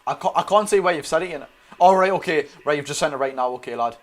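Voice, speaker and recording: A young man with a Geordie accent hosting a live football watch-along, chatty and excitable, reading viewer comments aloud. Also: on the high side, quick pace. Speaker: streamer and host.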